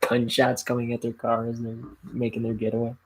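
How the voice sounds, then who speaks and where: A young man hosting a solo podcast, chatting casually in a halting, rambling way full of fillers. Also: medium pitch, completely flat delivery, darkish tone, rough recording. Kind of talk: casual chat.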